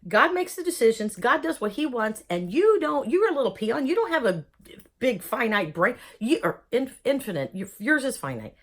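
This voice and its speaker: A woman telling a personal story in a lively, joking way, acting out voices as she goes. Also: a little high, moderate pace. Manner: lively, jokey, acts out voices in quotes. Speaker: vlogger telling her own story.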